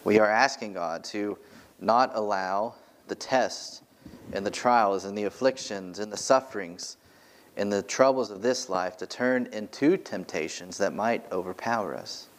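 Male pastor, church sermon, earnest and emphatic, repeats his points, somewhat low voice. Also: a little slow. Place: church sanctuary, from the pulpit.

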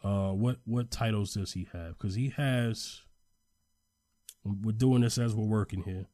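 A man co-hosting a casual chat, animated when excited and trailing off quietly while he checks facts. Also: lowish voice, measured pace, no room sound, studio quality.

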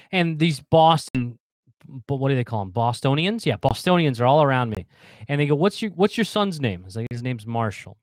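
A man's voice: mid-range voice, dry recording. A man in his thirties in casual chat, telling a story with lots of restarts and repeated words. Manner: animated storyteller, repeats words, acts out the yelling fans. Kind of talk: casual chat on a video call.

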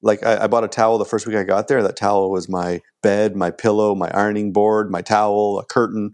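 A man, chatting casually as a guest and telling an animated story. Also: on the low side, brisk. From Canada. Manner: animated storyteller acting out quoted lines.

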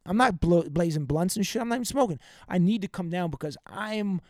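A young man hosting a podcast, venting in a rambling, profane, casual monologue and giving shout-outs to listeners. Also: high-pitched, animated, fairly quick, no echo, studio quality. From United States. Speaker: podcast host.

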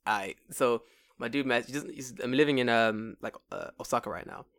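A young man living in Japan co-hosts a casual podcast, telling animated stories packed with swearing and mocking, put-on voices when he quotes people. His mid-range voice moves at a normal speed.

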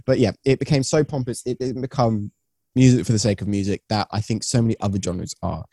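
A man's voice: fairly low pitch, a little fast, warm tone, no room sound, clean studio sound. A young British man chatting enthusiastically as a guest on a podcast, rambling and slangy. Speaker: guest musician. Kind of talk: casual podcast chat.

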